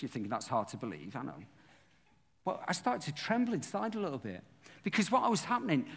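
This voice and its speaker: A man's voice: a little high, long reverb tail. A man, a pastor preaching a sermon who animatedly acts out the scenes of his story.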